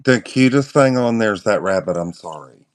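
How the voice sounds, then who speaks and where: Man, co-host, playful teasing quips, very animated pitch. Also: normal speed, a little hiss or hum. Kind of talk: casual banter.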